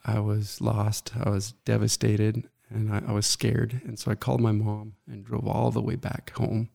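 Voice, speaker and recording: Gravelly middle-aged man, earnest. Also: fairly low pitch, completely flat delivery, dark tone. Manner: earnest, halting, reflective. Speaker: guest. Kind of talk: personal story in an interview.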